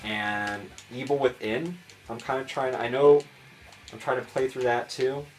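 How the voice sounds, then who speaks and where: A man's voice: medium pitch, fairly even intonation, moderate pace, faint music behind. A man with a Chicago accent rambling casually as he comments on his gameplay. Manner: rambling, chatty, self-mocking. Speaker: gaming streamer.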